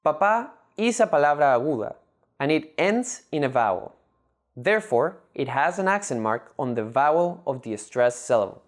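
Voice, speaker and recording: A language teacher giving a scripted lesson narration, measured and methodical, breaking words into syllables. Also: medium pitch, very animated.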